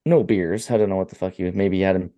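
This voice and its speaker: A man's voice: deep voice, steady tone, mellow. A man co-hosting a podcast, recapping a horror film in a loose, crude, joking way and briefly acting out the characters' lines. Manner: loose, crude storytelling with quick acted-out quotes. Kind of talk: casual profane film recap.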